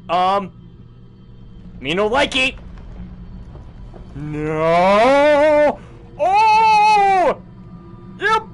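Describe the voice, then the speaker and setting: Young male streamer, horror commentary, high lively voice, easily spooked, swears, laughs nervously. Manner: jumpy, frequent yelps and nervous laughs, swears a lot. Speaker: game streamer. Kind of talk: live horror game commentary.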